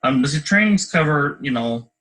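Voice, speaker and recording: Host guy asking questions kinda halting, lots of ums. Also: fairly high pitch, expressive, a bit bright, low-quality recording. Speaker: podcast host. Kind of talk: interview questions.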